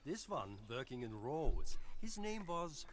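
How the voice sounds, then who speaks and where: An actor voicing a calm older male moneylender in a video game, measured and dryly polite. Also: fairly high pitch, a little hiss or hum. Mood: businesslike. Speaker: game character.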